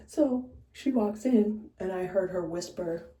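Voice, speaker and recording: A woman bartender casually telling stories while doing her makeup, blunt and animated, swearing freely. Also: mid-range voice, distant mic. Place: room in a house. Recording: echoey room, away from the mic, faint noise.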